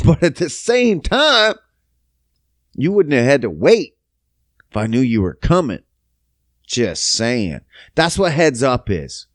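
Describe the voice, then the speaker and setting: A young man hosting a casual podcast, telling a profane, animated story and acting out the quotes. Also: mid-range voice, slow pace, pauses often, no echo, clean studio sound. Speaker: podcast host. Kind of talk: casual solo podcast rant.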